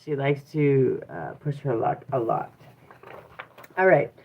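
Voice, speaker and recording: A woman hosting a casual live chat from home, playful and quick to laugh, often breaking off to correct her child. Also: rumbling low, gravelly. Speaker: channel host and mother. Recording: tinny phone-like sound.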